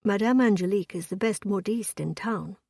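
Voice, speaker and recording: A woman voicing a young viscount who speaks quietly and firmly, in a storybook reading. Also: medium pitch, brisk, vocal fry, no echo, studio quality. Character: gallant young viscount husband, firm.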